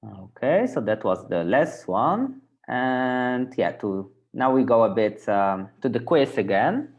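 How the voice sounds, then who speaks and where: With the English of a native Dutch speaker, a man leads an online Dutch class, patiently going over words slowly for learners. He has a medium-pitched, sing-song delivery, captured on dull-sounding audio.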